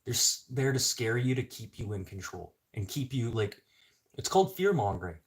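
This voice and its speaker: A man's voice: mid-range voice, big pitch swings, normal speed. A middle-aged man from Canada in a casual ranting monologue, blunt and swearing, rising to sudden outbursts. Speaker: vlogger.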